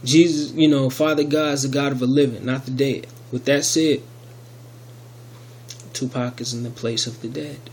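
A man's voice: mid-range voice, fairly even intonation, moderate pace, darkish tone, a little hiss or hum. Rambling man telling a testimony. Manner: rambling, many restarts and fillers. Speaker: video testimony speaker. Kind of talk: casual spoken testimony.

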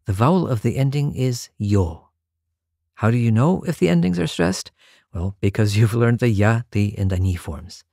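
A man narrates a scripted grammar lesson in a mellow, gravelly voice. His pitch moves in a lively way as he lays out each rule step by step. The recording is close and dry. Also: dry recording. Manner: clear, measured explanation with careful Russian examples. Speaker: language teacher.

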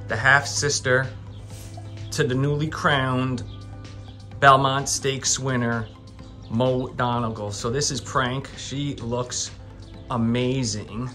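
Chatty man touring a horse barn. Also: mid-range voice. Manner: excited, chatty, stumbles over words. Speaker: vlog host at a racetrack barn. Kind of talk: casual walk-and-talk vlog. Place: outdoors at a horse barn shed row.

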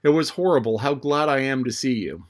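A man's voice: medium pitch, animated, brisk, close to an everyday voice. A man voicing a frightened young boy who speaks emotionally in a slightly raised voice. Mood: relieved.

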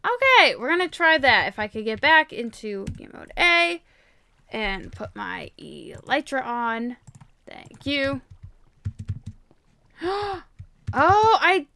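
A young woman playing a game and commentating, excitable and quick to gasp and shriek. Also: high-pitched, gravelly. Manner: excitable, gasps and shrieks often. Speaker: gaming YouTuber. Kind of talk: Minecraft let's-play commentary.

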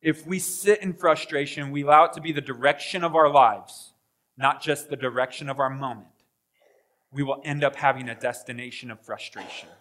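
A man preaching a sermon as pastor, animated, acting out voices and swinging between loud bursts and hushed asides. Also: mid-range voice, moderate pace. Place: church sanctuary.

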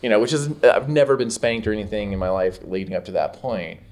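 Deep-voiced man telling stories on a podcast. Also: lively intonation, fast, a little mellow. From San Diego. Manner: laughing, self-deprecating storyteller. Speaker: podcast co-host. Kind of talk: casual podcast storytelling. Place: recording studio.

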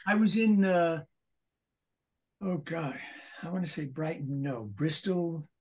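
A man in his eighties, a voice actor guest, telling animated anecdotes in a casual interview, with frequent restarts. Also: on the high side, takes it slowly, husky. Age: 80s.

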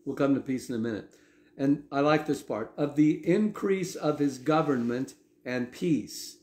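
Male pastor, mid-pitched, talky sermon style with frequent check-ins, roomy echo. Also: unhurried, a little mellow. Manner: conversational preaching with frequent "okay?" asides.

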